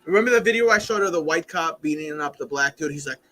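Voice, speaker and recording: A man's voice: fairly high pitch, expressive, fast talker, pushed and bright, low-quality recording. A young man hosting a casual live stream, rambling and joking with heavy swearing.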